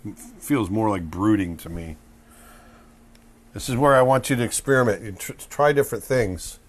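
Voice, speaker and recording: This drawing instructor, a middle-aged man with a fairly low voice, speaks at an ordinary pace while leading a laid-back lesson over his sketches. Occasionally he breaks into brief performances of the emotions he draws.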